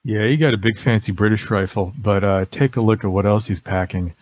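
A man playing a tabletop horror game, animated and asking many questions, stumbling into restarts. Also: lowish voice, brisk, no echo. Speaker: player. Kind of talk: tabletop game play over voice chat.

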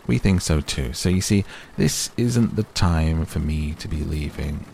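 A man's voice: a bass voice, animated, unhurried, gravelly, darkish tone, a little hiss or hum, heavily acted. A man reading a curt, reluctant scientist. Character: busy, reluctant male scientist. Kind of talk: audiobook character reading.

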